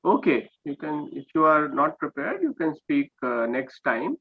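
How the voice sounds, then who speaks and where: A man's voice: fairly high pitch, big pitch swings, a little slow, breathy edge. A man with an Indian English accent, teaching an online class and patiently correcting students' speech, often checking with "okay?". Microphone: video call. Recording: dull lo-fi video call audio.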